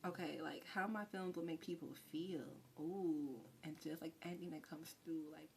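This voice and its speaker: A woman's voice: deep voice, fairly even intonation, normal speed, creaky, a little hiss or hum. Chatty woman giving a tarot reading. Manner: chatty and effusive, drops into soft whispers. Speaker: tarot reader. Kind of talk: live tarot reading, casual chat.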